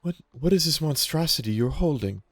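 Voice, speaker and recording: A man's voice: fairly high pitch, lively intonation, brisk, a little hiss or hum, pitched above the performer's own voice. A man voicing an imperious goddess. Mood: affronted. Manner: abrupt, imperious questioning. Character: commanding female goddess speaking into minds.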